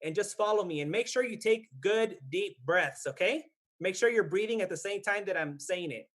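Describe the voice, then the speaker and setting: A man in his thirties, a meditation teacher, leads guided breathing and a Dhamma talk in a temple hall. He speaks at a moderate pace in a high, somewhat bright voice, staying patient and frequently checking on his listeners.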